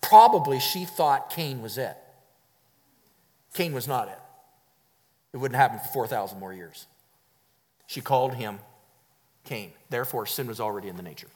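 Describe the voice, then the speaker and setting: Emphatic preacher in a reverberant hall. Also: male voice, medium pitch, lively intonation, moderate pace, long pauses, darkish tone. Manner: emphatic, repeats key phrases, chuckles. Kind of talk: sermon.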